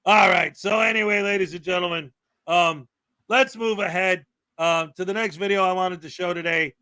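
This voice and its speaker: High bright-voiced guy hosting a chatty stream, lots of ums, dry close sound. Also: steady tone, normal speed, no echo. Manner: chatty, with frequent fillers and laughter. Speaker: livestream host. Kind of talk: casual commentary show.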